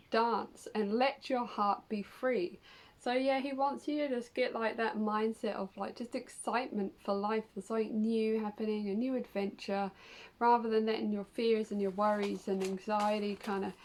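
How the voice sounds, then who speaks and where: A woman's voice: fairly high pitch, darkish tone, poor audio. Upbeat chatty woman reading tarot. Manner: chatty, filler-heavy, upbeat. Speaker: tarot reader. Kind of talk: casual tarot reading to camera.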